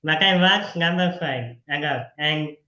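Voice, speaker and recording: A man hosts a casual interview over a video call, talking in a chatty, upbeat way and laughing easily. His voice sits a little high and sounds bright, while the call audio comes through echoey and dull. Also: moderate pace.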